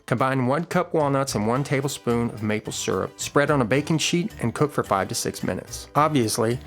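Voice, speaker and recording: A middle-aged man hosting a podcast, casually walking through a recipe and telling a story in a relaxed, folksy way with filler words. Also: medium pitch. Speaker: podcast host.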